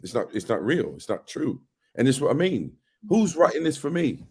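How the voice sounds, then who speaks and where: A man's voice: medium pitch, normal speed, husky. A middle-aged man, an actor, chatting casually in an interview and telling stories with quoted voices acted out. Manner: animated storyteller who acts out quoted voices. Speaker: actor guest.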